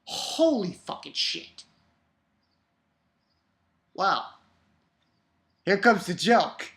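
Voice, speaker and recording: Swearing and frequently restarting sentences, an excited woman casually talks through her thoughts on a manga chapter. Her pitch is medium and she draws out her words.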